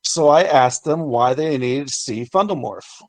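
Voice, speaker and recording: A woman's voice: rumbling low, lively intonation, unhurried, no echo. A woman playing in a tabletop game, wry and self-deprecating. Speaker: player. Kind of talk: tabletop role-play.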